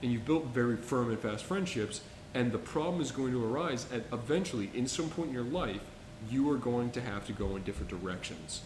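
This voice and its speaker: A man's voice: mid-range voice, lively intonation, brisk, noisy background. A young adult man co-hosting a podcast, chatting about films with enthusiasm and rambling restarts. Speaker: podcast co-host. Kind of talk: casual film-review chat. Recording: echoey room.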